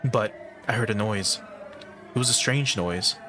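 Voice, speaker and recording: A man streaming a game, reading visual novel text aloud in steady first-person narration with small stumbles. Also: fairly low pitch, unhurried, a little hiss or hum, rough recording. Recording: game music in background. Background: game music.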